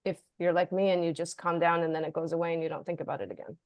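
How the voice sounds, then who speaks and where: A woman's voice: fairly low pitch, little pitch movement, very fast, darkish tone, no room sound, highs cut off. A woman author in a casual discussion, talking in a chatty way, often saying "like" and briefly acting out the voices she quotes. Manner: chatty, leans on "like", acts out quoted inner voices. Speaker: author and guest.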